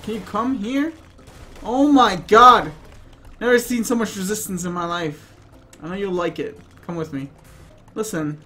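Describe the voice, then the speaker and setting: A man giving playful, excitable let's play commentary and often bursting into laughter. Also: high voice, measured pace, pauses often, faint music behind. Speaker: gaming YouTuber.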